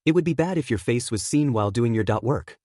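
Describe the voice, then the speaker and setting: A man voicing a reserved, earnest teenage boy hero in a quiet, measured delivery. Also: mid-range voice, expressive, no room sound, studio quality, close to an everyday voice.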